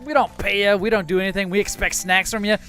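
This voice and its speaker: A man's voice: high voice, steady tone, fast talker, over music. A man hosting a live podcast stream, joking and swearing loosely while he has the hiccups. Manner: loose, profane, joking, winding down the show. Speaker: podcast host. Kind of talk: casual live-stream chat.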